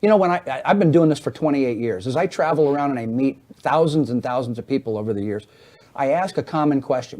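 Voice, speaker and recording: A man's voice: medium pitch, animated, quick pace, warm tone. A middle-aged man who is a guest on an interview show, explaining at length in an earnest, persuasive way. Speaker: hearing aid business guest.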